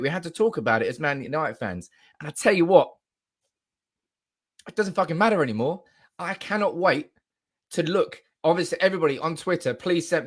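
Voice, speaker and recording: A young man hosts a live fan stream, his voice sitting a little high. He is giddy and loud, swearing freely and laughing as he reads viewers' comments aloud into his desk mic. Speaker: fan channel livestream host. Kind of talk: excited live-stream reaction.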